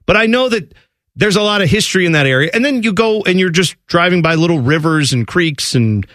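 A man's voice: high voice, a little fast, no room sound, clean studio sound. Joking sports radio host, man. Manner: animated, joking storyteller. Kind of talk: casual radio banter. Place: radio studio.

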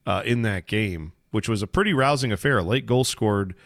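A man's voice: lowish voice, expressive, normal speed, a bit bright, dry recording, clean studio sound. A man co-hosting a podcast, chatting about soccer in an easygoing, joking way. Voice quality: easygoing, joking, trails off and restarts. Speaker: podcast co-host. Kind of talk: casual sports chat.

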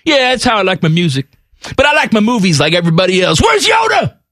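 A man's voice: big pitch swings, fast, fairly bright tone, no room sound, studio quality, exaggerated voice. A man putting on the voice of a snobby hipster who mocks mainstream taste, in a mocking sneer. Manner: mocking, high-pitched put-on sneer.

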